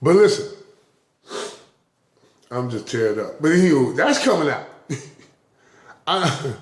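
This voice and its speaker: A man's voice: mid-range voice, very animated, measured pace, a little mellow. Emotional rambling man in a roomy space. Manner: rambling, repeats words in restarts; openly emotional, laughing and tearing up. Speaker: vlogger. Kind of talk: casual spoken vlog.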